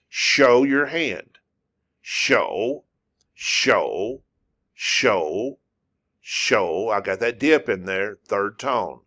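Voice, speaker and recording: In a mid-range, slightly bright voice, a man teaches a slow, repetitive language lesson, patiently going over words and sounds again and again.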